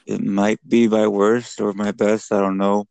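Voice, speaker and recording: A man's voice: fairly low pitch, little pitch movement, unhurried, gravelly, a little mellow, clean tone, dry recording. A man as a podcast guest in casual chat, laid-back and shrugging things off.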